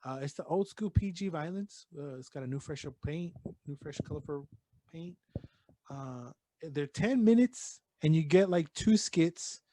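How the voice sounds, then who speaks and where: A man's voice: fairly high pitch, expressive, measured pace, warm tone. A man co-hosting a podcast, chatting casually and rambling, swearing freely and slipping in bits of Spanish slang. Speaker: podcast co-host. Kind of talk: casual chat.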